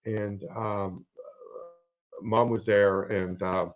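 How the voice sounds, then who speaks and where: A man in his fifties with a low-pitched voice, speaking haltingly and earnestly, pausing often with fillers. The recording sounds dull and lo-fi. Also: level tone. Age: 50s. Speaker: guest sharing his story. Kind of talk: personal storytelling.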